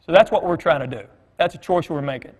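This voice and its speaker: This middle-aged man speaks fast in a husky, slightly high voice. As a guest speaker at church, he gives a conversational, anecdote-filled sermon, telling folksy stories and acting out what others said. The church hall adds a long reverb.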